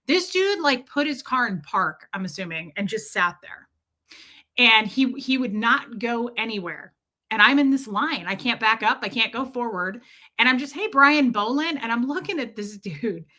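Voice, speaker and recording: A woman with a bright, fairly high voice tells a story to her stream viewers. She is animated and often laughs, and she swears casually as she goes. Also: moderate pace. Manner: animated, laughing, lots of profanity.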